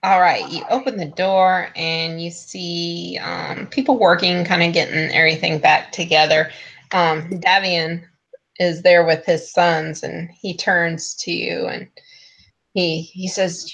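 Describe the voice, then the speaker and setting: A woman's voice: fairly low pitch, flat delivery, slow, vocal fry, fairly bright tone. A woman narrating a tabletop game as game master in a laid-back way, with lots of fillers. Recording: dull lo-fi recording.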